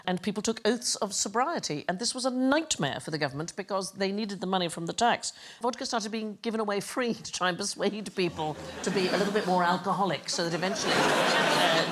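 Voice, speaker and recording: A woman's voice: medium pitch, fairly quick, background noise. A woman hosting a quiz show, telling odd facts in a wry, chuckling way in a studio. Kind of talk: lively anecdotal presenting. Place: TV studio with audience.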